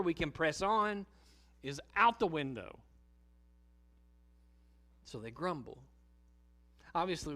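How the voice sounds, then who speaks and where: A middle-aged man preaches from the pulpit with a gravelly, rough-edged voice. He spins vivid everyday stories, swelling with energy and then sinking low and hushed to land a point. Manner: storytelling, vivid and animated, drops low and quiet for emphasis. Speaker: pastor. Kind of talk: sermon. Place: church sanctuary.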